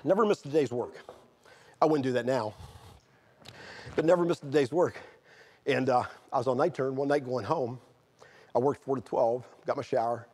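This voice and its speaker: A middle-aged man, preaching a sermon and telling a personal testimony, moving from quiet storytelling to fervent outbursts. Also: medium pitch, normal speed, pauses often, slightly rough. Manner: earnest, swings from quiet storytelling to shouted fervor.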